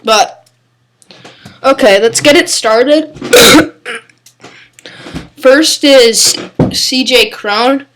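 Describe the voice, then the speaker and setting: Young female host, unhurried rambling delivery, hiccups and a cough. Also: high voice, a bit bright, slight background noise. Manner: rambling, filler-heavy, self-correcting. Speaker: baseball channel host. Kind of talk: casual solo commentary.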